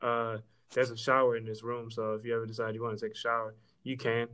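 A man's voice: mid-range voice, completely flat delivery, quick pace, a bit bright. A young man in casual chat, joking with laid-back slang.

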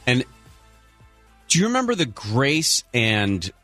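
A man co-hosting a talk radio show, chatting casually and telling stories with sarcastic, animated flair. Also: mid-range voice, slow, soft background music. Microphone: studio microphone.

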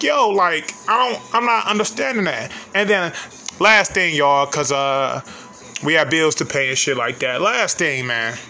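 A man ranting comically in a high voice that is very bright, forceful and sharp. He talks in brash, cursing slang and rambles loosely from one point to the next, filling the gaps with loose asides. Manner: loose, rambling delivery with many fillers. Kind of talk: profane comic rant to the audience.

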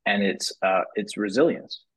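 A man guest on a podcast, telling his story in a casual, animated way, with many restarts and repeated "you know"s, and his voice rising high when he acts out what others said. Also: moderate pace. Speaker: podcast guest, business owner. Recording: muffled lo-fi podcast audio.

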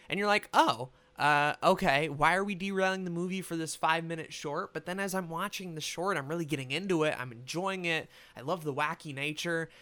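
Young man, casual movie review, rambling, slightly high, crisp voice. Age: young adult. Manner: rambling, casual, swears freely, animated.

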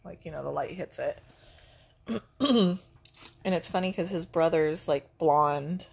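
A woman's voice: deep voice, unhurried, creaky, darkish tone. A middle-aged woman chatting casually, a gushing grandmother with lots of fillers. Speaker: vlog co-host, grandmother. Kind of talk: casual breakfast chat.

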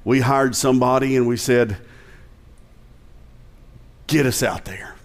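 A man's voice: medium pitch, slow. A male pastor with a Southern American accent, preaching a conversational sermon with jokes and emphatic rising passages.

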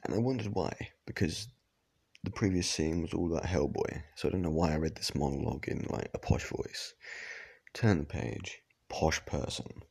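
A man's voice: low voice, moderate pace, gravelly, darkish tone, slightly rough. A man giving rambling, casual reaction commentary, swearing now and then. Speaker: reaction vlogger.

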